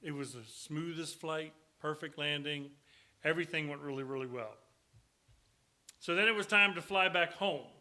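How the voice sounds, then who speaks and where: A middle-aged man preaches in a church, his voice bright and fairly high. He tells folksy, joking stories between Scripture readings, talking easily to the congregation. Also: normal speed. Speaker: guest preacher. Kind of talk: sermon with storytelling. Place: church sanctuary.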